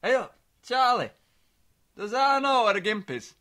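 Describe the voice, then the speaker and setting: A man voicing his older dad, who exclaims loudly and slowly in exasperation. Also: very high-pitched, sing-song, heavily acted. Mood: baffled. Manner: loud, slow, exasperated exclaiming. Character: gruff older Yorkshire dad, easily shocked.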